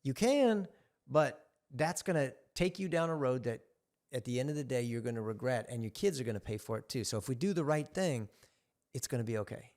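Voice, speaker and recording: A man's voice: mid-range voice, expressive, fairly quick, darkish tone. A man talking earnestly and with passion as a guest on a podcast. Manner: earnest, impassioned. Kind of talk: casual conversation.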